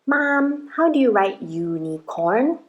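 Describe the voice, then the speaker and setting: A woman voicing a young kindergarten child in an acted demonstration, slowly sounding out letters and asking her mother for help with spelling. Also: fairly high pitch, big pitch swings, narrow, tinny audio. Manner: slow, drawn-out sounding out of letters. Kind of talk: acted parenting demonstration skit.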